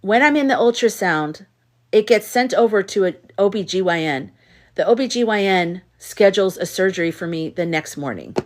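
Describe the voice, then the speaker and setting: A woman's voice: mid-range voice, lively intonation, normal speed. A woman hosting a casual livestream, telling candid stories with an exasperated edge and reading viewers' comments aloud. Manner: candid storyteller who reads chat comments aloud; outspoken and exasperated in anecdotes. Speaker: livestream host. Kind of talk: casual live chat with viewers.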